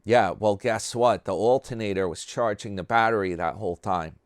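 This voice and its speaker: A man's voice: fairly low pitch, moderate pace, no room sound, clean studio sound. A man hosting a commentary channel, talking casually and sarcastically in a rambling way about another creator.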